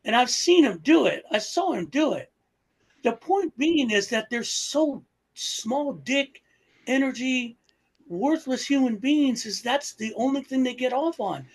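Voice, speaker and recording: A man's voice: extremely high pitch, lively intonation, measured pace, husky. A man hosting a political talk show, heated and profane, his voice jumping up in anger. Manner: angry, profane, swings loud. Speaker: podcast host.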